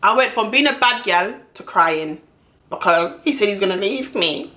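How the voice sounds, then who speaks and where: A young woman telling a storytime vlog in a brash, profane, animated way, recorded at home on a camera mic. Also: medium pitch, moderate pace. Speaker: vlogger.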